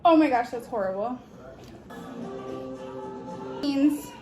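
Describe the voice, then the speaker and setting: A young woman vlogging her day on a phone camera, chatty and giggly, sometimes squeaking out quotes. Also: lively intonation, slow pace, mellow, soft background music. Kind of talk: casual day-in-the-life vlog chat. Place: home and out on errands. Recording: noisy handheld phone recording.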